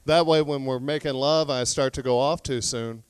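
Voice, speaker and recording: A man doing a stand-up comedy set on a club stage, telling deadpan stories and acting out both sides of conversations. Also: mid-range voice, moderate pace, clean tone, no room sound.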